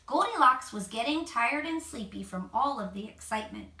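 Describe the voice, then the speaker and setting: Bright, animated mom reading a storybook. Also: female voice, fairly high pitch, moderate pace. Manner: expressive, gentle asides to the child. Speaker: mother reading to her child. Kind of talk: reading a picture book aloud. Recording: echoey room, mic at a distance.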